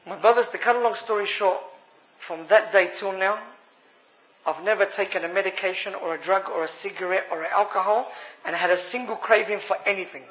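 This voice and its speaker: A man's voice: sits high, a little fast, fairly bright tone. A man with an Australian accent giving an earnest personal testimony to a gathering, addressing the listeners as brothers. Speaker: speaker sharing a personal story. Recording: dull lo-fi recording.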